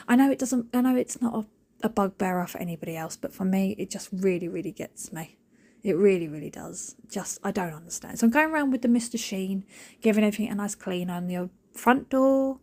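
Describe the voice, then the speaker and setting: A woman, rambling in a jokey, animated way as she talks over her cleaning video. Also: mid-range voice, fairly quick. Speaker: cleaning vlogger. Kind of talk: chatty voiceover.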